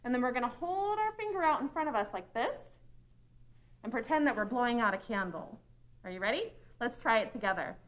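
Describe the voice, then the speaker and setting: A woman with a slightly raised voice gives a children's sermon in a church. Her delivery is animated and sing-song, pitched for young listeners. She talks through a face mask. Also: brisk. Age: adult. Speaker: children's minister. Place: church sanctuary. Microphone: wearing a face mask.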